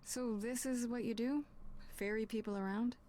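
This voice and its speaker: A woman's voice: on the high side, steady tone, moderate pace, dark tone, slight background noise, close to an everyday voice. A woman reading aloud as a dry young heroine. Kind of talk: reading game dialogue aloud.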